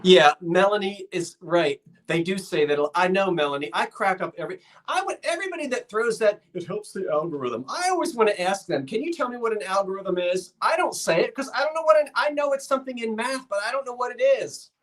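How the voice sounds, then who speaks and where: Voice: mid-range voice, animated, a little fast, hardly any pauses, fairly bright tone. Rambling chatty live-sale host. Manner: rambling, chatty, self-deprecating asides; reads viewer comments and runs countdowns. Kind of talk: casual live-stream selling chat. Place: shop, indoors.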